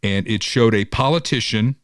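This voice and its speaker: A man's voice: lowish voice, normal speed, dry recording, studio quality. A man hosting a podcast, telling stories in casual political chat with sarcastic asides. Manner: animated storytelling, sarcastic. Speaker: podcast host.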